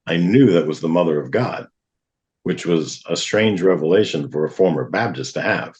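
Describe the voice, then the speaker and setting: Deep-voiced man telling his story. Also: expressive, moderate pace, a little mellow. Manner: earnest, vivid retelling with acted-out quotes. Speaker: guest. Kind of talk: personal testimony storytelling.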